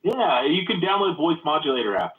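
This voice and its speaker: A man's voice: a little high, fairly quick, echoey room. Profane rambling man on a phone-like line. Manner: profane, rambling, animated storytelling. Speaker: participant in a live audio chat room. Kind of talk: heated casual debate. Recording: phone-like narrow audio.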